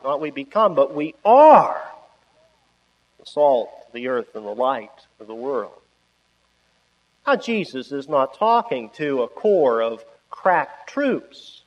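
Male preacher, slow and emphatic, pitch leaping on key words. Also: big pitch swings, long reverb tail, highs cut off. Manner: emphatic, with sudden rises on key words and drawn-out phrases. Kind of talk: sermon.

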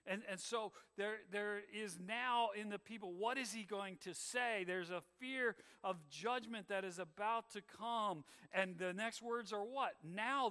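A man's voice: sits high, sharp tone, in a large hall. A man preaching a sermon with an emphatic cadence that swells and drops. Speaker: pastor.

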